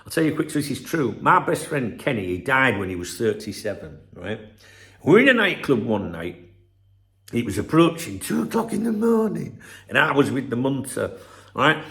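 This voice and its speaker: A man's voice: mid-range voice, sing-song, moderate pace, a bit bright. A middle-aged man, rambling through a profane, casual vlog monologue and telling stories with asides. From England, Scarborough. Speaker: football channel host.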